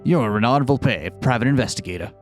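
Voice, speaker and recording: A man's voice: mid-range voice, lively intonation, fairly quick, faint music behind, close to an everyday voice. A man voicing a stern male bird defense attorney in a game, with formal, bluffing legal talk. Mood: probing.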